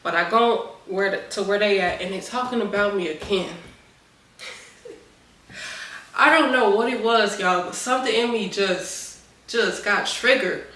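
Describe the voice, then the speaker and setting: A young adult woman vlogger telling a personal story to her viewers in animated, casual chat. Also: mid-range voice, measured pace, long pauses. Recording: roomy echo, voice a bit far from the mic.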